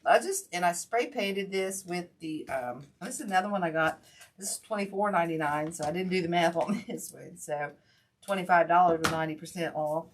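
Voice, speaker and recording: Talking as she crafts, the wreath-making host rambles through her casual tutorial in a chatty way. She speaks a little fast in a lowish voice, and there's a little hiss or hum on the recording.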